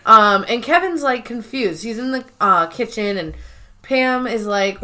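A woman's voice: fairly high pitch, expressive, a little slow, pushed and bright. Casual woman recapping a TV episode. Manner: retells scenes by quoting the characters, swears freely. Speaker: podcast co-host.

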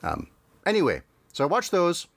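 A man's voice: high voice, huge pitch swings, moderate pace, gravelly, a bit bright, dry recording. A man hosting a podcast, chatting casually with many fillers and restarts. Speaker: podcast host.

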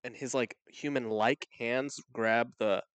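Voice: mid-range voice, fairly even intonation, slow pace, clear, resonant tone, no echo. A podcast co-host in casual chat, playful and jokey, tossing in silly asides.

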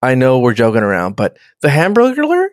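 A man's voice: mid-range voice, huge pitch swings, no room sound, clean studio sound. A man co-hosting a casual comedy podcast, laughing often, swearing freely and acting out characters as he recaps an episode. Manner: profane, laughing, acts out characters in quick voices. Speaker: podcast co-host.

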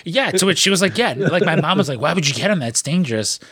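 A man's voice: on the high side, animated, quick pace, fairly bright tone, slightly rough, dry recording. Rambling, swearing man in casual chat. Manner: rambling storyteller, swears freely, many fillers.

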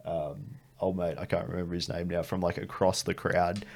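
A man's voice: low voice, flat delivery, normal speed, creaky. A man, a guest on a comedy podcast, telling a story in a rambling, slangy, sweary way. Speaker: podcast guest, host's brother. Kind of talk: casual storytelling chat.

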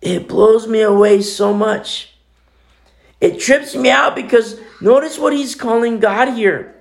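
Middle-aged male pastor, gravelly, talky sermon delivery with loud-soft swings. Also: sits high, expressive, a little slow. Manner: conversational preaching, sudden swings between loud and quiet.

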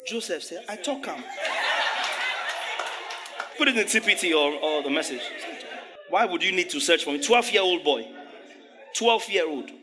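A man preaching a sermon, animated, laughing often and acting out the voices of biblical figures. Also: sits high, normal speed, a crowd in the background. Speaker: pastor.

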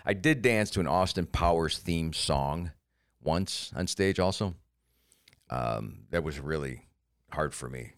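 A deep-voiced middle-aged man co-hosts a podcast in casual chat. He tells stories with big pitch swings and slips into goofy high voices when he quotes people. The sound is close and dry. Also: measured pace, smooth, dry recording. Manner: animated storyteller who jumps into silly high voices for quotes. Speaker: podcast co-host and stand-up comedian.

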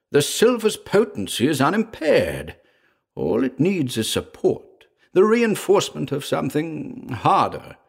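A man voicing a young gentleman heir who is anxious and quick to exclaim. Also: mid-range voice, husky, full character voice.

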